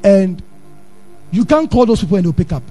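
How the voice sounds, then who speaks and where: A Ghanaian pastor preaching a sermon in church, animated, drifting into sing-song and acting out his stories. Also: high voice, a little fast, faint music behind. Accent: Ghanaian English.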